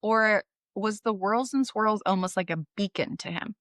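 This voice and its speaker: Woman podcast cohost, chatty and curious, mid pitch, dry close mic. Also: normal speed, fairly bright tone, no room sound. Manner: chatty, curious, swears casually. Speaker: podcast co-host. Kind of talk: casual book discussion chat.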